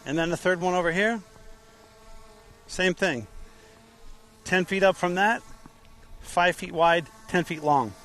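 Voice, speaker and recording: A man with a voice a little higher than usual walks through motorcycle cone patterns on an outdoor training lot. He explains in a practical way, asking his own questions and answering them. Faint outdoor noise sits behind him. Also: fairly bright tone, low-quality recording. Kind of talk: outdoor instructional walkthrough.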